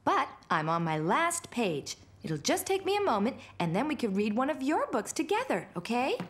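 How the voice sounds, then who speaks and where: An actress voicing a busy, patient mother in an animated children's series, explaining things calmly, with music underneath. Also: a little high, moderate pace. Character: warm, busy young mother. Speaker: mommy.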